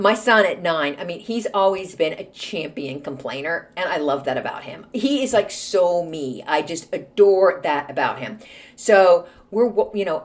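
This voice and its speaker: Woman, 40s, podcast host, snarky storytelling, lively swooping pitch. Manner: snarky, animated, acts out quoted voices. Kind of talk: casual storytelling monologue.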